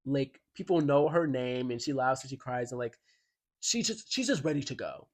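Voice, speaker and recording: A man's voice: mid-range voice, lively intonation, moderate pace. Chatty man reviewing an album. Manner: chatty and enthusiastic, heavy use of "like". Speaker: music commentary YouTuber. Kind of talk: casual album review commentary.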